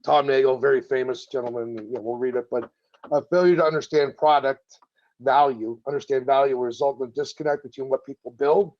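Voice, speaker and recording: A man's voice: medium pitch, steady tone, fairly quick, muffled recording. A man giving a conversational business webinar presentation, acting out what customers might say. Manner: conversational, acts out customer quotes.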